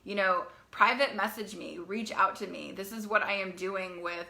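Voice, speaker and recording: A young woman coaching teen girls, talking in a live video to parents in a fast, chatty way, often repeating herself and asking "right?". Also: medium pitch, steady tone, creaky, pushed and bright.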